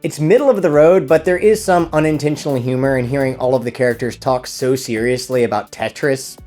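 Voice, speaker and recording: A man's voice: fairly high pitch, steady tone, fast, warm tone, faint music behind. A man narrating a scripted comedic film review with a dry, sarcastic delivery.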